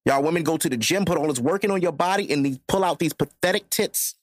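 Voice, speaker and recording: A man's voice: a little high, fast, no room sound. A man in his thirties hosting a podcast, talking bluntly and profanely in casual chat. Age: 30s. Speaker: podcast host.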